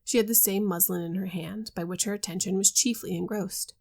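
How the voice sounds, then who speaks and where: A woman reading a classic novel aloud in a steady, measured way. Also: medium pitch, gravelly. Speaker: reader.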